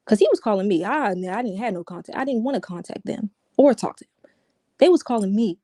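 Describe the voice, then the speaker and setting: A woman's voice: on the high side, animated, brisk, a little mellow, dry recording, studio quality. A woman giving an emotional personal account as an interview guest, talking casually and repeating herself. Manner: casual, repetitive, restarts often, says "yo".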